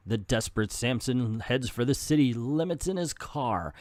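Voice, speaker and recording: A man's voice: medium pitch, expressive, moderate pace, hardly any pauses, a little mellow, dry recording. A man hosting a comedic comic book read-through, narrating panels dramatically and tossing in jokey asides. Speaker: host reviewing a comic.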